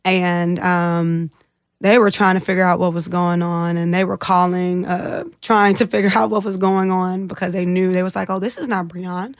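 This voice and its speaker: A woman's voice: on the low side, normal speed, no echo, studio quality. A woman guest in an interview, earnestly retelling a distressing personal experience and acting out others' words. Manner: earnest, emotional retelling with animated quoted voices.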